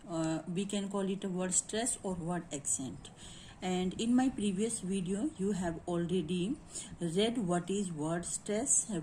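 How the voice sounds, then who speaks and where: A woman teacher giving a lecture on grammar, halting often, repeating points and slipping in Hindi phrases. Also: mid-range voice, a little mellow, slight background noise. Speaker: English teacher. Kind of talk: classroom lecture.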